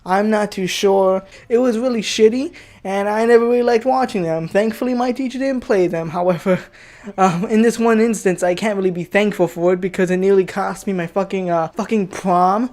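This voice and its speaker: A man's voice: sits high, normal speed, darkish tone. Young man ranting with crude swearing. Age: young adult. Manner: crude, heated, swearing, rambling with many fillers. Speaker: channel host telling a personal story. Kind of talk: profane storytime rant.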